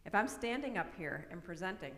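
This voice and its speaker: A woman's voice: medium pitch, lively intonation, fairly quick, a bit bright. A middle-aged woman presenting an autism awareness talk in a conversational way, often checking in with tag questions. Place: church hall. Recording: echoey hall, long reverb.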